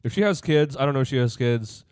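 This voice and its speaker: Young guy podcast cohost, jokey, really lively pitch, dry close sound. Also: fast talker, smooth, dry recording. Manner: animated, jokey, swears casually. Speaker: podcast co-host. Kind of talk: casual chat.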